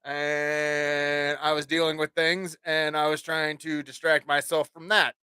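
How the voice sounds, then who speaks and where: A man's voice: a little high, little pitch movement, a little slow, bright, forceful tone, clear, resonant tone, dry recording, studio quality. A man hosting his own podcast, rambling casually with plenty of swearing and jokes. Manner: profane, rambling, jokey. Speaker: podcast host.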